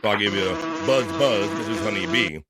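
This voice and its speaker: A man hosting a live stream, casually reading viewer comments aloud and giving shout-outs while talking through his allergies. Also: fairly low pitch, fairly quick, background noise. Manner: casual, rambling, reads chat names aloud with shout-outs. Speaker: livestream show host.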